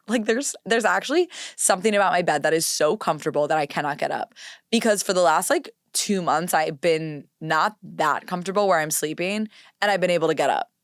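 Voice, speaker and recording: A woman's voice: lowish voice, normal speed, no room sound, studio quality. A woman in her twenties hosting a solo podcast in casual, chatty talk, dramatic and self-mocking. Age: 20s. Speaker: podcast host.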